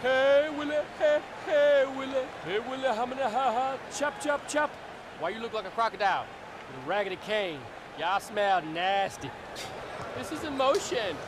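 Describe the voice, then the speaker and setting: A man voicing an absurd, blustery basketball player in a lip-reading parody dub, with silly lines that swing between shouting and muttering. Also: very high-pitched, animated, normal speed. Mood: rambling. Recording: arena crowd and loud noise behind.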